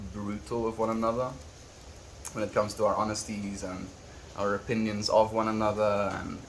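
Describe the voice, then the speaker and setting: Soft-spoken South African man streaming. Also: medium pitch, slight background noise. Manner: soft-spoken and reflective, reads chat messages aloud. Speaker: livestreamer. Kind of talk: casual livestream chat.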